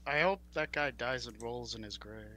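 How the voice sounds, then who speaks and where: A man's voice: medium pitch, normal speed, over a noisy crowd. A young man co-hosting a casual podcast, ranting in exasperation and stammering when worked up. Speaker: podcast co-host.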